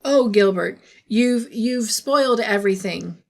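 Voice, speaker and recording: A woman reading the lines of a dreamy, emotional young woman in a storybook, halting and stammering. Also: mid-range voice, vocal fry, darkish tone.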